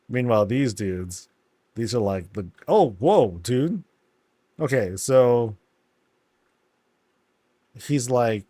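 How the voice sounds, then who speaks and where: A man's voice: mid-range voice, expressive, drawn-out words, long pauses, dark tone, dry recording. Chill guy riffing on a game tour, laughs a lot, dry close sound. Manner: laid-back, amused, laughs often and voices characters in silly asides. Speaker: streamer touring player housing in a game. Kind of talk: casual game commentary.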